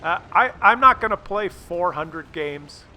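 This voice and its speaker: A man narrates his gameplay in a bright, sharp-edged voice that sits a little high for a man. He talks casually, full of fillers and restarted phrases, and breaks into profane rants. Faint noise hums behind him. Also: animated, measured pace. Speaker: gaming channel host. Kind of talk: gameplay commentary.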